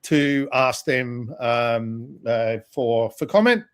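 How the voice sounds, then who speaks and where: A man's voice: mid-range voice, slow. A man co-hosting a podcast, chatting in a jokey, rambling way full of fillers. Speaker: podcast co-host. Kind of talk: casual chat.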